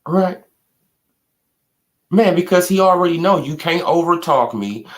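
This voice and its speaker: A young man ranting in a casual live stream, trash-talking with lots of repetition and bursts of loud laughter. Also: a little high, lively intonation, measured pace. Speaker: boxing commentary streamer.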